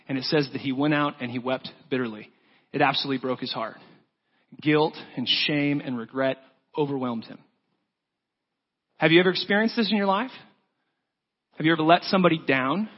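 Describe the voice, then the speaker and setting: A man's voice: fairly high pitch, breathy edge. A man preaching a sermon, telling a story earnestly and acting out the quoted lines. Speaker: pastor. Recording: dull lo-fi sound with long church reverb.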